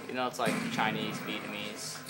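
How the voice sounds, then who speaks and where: A man's voice: lowish voice, little pitch movement, moderate pace, over loud music, poor audio. A man giving casual, joking commentary on his own gameplay, rambling and bantering with viewers. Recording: loud game noise behind.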